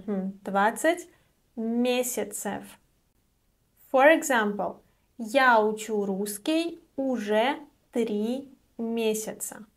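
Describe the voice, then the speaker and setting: Slow, careful woman teaching vocabulary. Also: a little high. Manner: repeats each word slowly with clear stress. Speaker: Russian language teacher.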